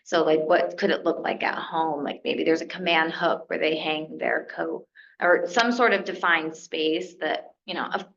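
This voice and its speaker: A woman's voice: low-pitched, creaky, a bit bright, slight background noise. A woman, a toddler teacher on a parent panel, explaining practical routines in a conversational way. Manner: practical, explanatory, quickens when giving examples. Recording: slightly muffled sound.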